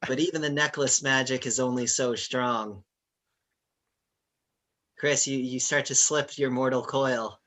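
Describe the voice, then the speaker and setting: Male game master, bright tone, loose rambling narration with fillers. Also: mid-range voice, steady tone, measured pace, long pauses. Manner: casual, rambling with fillers and laughs.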